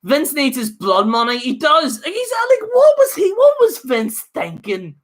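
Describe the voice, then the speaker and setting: A man's voice: extremely high pitch, wildly swooping pitch, moderate pace. A man hosting his own livestream, rambling in a fired-up, jokey rant. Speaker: livestream host.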